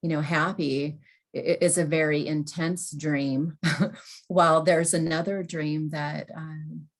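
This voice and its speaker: A woman's voice: low voice, level tone, slow pace. A woman guest on a podcast, talking thoughtfully and hesitantly with some restarts. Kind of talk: conversational podcast talk.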